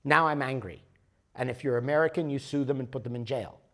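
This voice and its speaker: A man's voice: medium pitch, a little fast, vocal fry, a bit bright. A man leading a workshop, explaining ideas patiently and often checking in with "okay?". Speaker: workshop leader. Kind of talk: workshop teaching. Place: workshop room.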